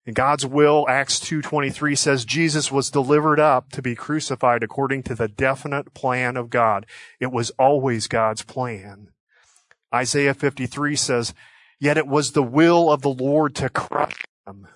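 A man preaching a sermon, earnest and measured, leaning on key words by slowing right down. His voice sits at an ordinary middle pitch. The sound is dry and close, with no room echo. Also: steady tone, a bit bright. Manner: earnest, slows for emphasis on quoted scripture. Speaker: pastor.

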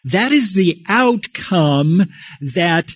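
Male pastor preaching in a folksy, joking manner; slow pace, dry close-miked sound. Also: sits high, lively intonation, husky, no room sound. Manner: folksy and conversational, with self-deprecating humor. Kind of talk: sermon.

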